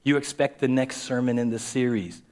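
A man's voice: mid-range voice, moderate pace, darkish tone. A man preaching a sermon as a pastor in a conversational way, repeating key phrases and acting out quoted voices.

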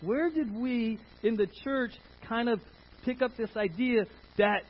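A man's voice: extremely high pitch, measured pace, muffled recording. A man preaching a sermon, leading the congregation with call-and-response questions. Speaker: pastor.

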